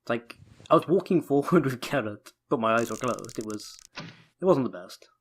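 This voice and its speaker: A man's voice: mid-range voice, animated, normal speed, husky. A man hosting a let's play, giving joking, self-mocking gameplay commentary into a desk microphone and talking to the game character.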